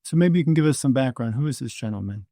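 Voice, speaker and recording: Man, interviewer, brief prompting questions, mid pitch, dry recording. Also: animated, fast, dark tone, dry recording. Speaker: interviewer and host.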